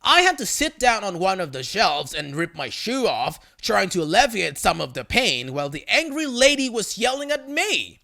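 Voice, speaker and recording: A man narrating a reddit story in a scripted, read-aloud style, with sudden loud jumps on quoted lines. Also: sits high, sing-song, moderate pace, vocal fry, few pauses.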